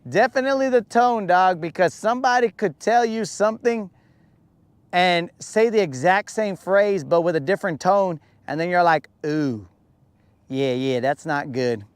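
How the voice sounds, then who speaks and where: A man hosting a casual fishing podcast, talking in a lively, slangy way and acting out the voices he quotes. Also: sits high, a little slow, pauses often, clear, resonant tone, no echo. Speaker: podcast host. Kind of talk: casual chat. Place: boat on a lake.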